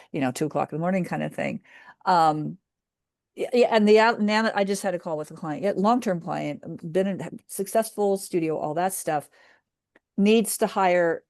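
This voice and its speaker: A woman with a lowish voice talks as a business coach in a casual chat. She tells stories from her coaching calls, acts out what was said, and often restarts her sentences. The sound is dry and close. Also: normal speed, a little mellow, no room sound. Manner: storytelling, acting out a client's words, many restarts.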